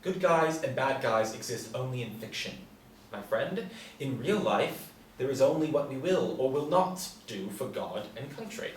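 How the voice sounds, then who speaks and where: A man's voice: mid-range voice, expressive, normal speed, a little hiss or hum, natural voice. A man playing a wry posh Briton, roomy and distant. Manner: dry, teasing, formal phrasing. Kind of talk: script reading.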